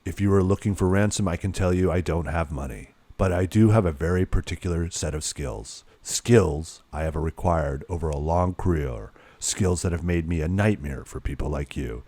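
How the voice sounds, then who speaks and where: A man doing a cold, low-voiced avenging father. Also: warm tone, no echo. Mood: icy, threatening. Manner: slow, low, measured, cold threats. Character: calm menacing middle-aged father threatening a kidnapper by phone.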